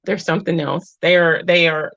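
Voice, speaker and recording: A woman in her thirties speaks with a low-set, heartfelt voice, wandering off her point and finding her way back again. She sounds earnest and emotional, close to tears. The sound is dry and muffled, with a lo-fi dullness. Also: fairly even intonation, normal speed, gravelly, fairly bright tone, dry recording. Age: 30s. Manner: earnest, rambling, drifts off topic and back. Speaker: live-stream host. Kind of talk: heartfelt live chat with viewers.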